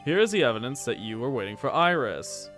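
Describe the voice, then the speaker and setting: A man's voice: mid-range voice, very animated, brisk, a bit bright, soft background music. A man doing a cold, haughty prosecutor. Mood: scornful. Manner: stern, clipped, condescending. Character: cold, haughty male prosecutor, sharp and icy. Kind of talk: game dialogue read-along.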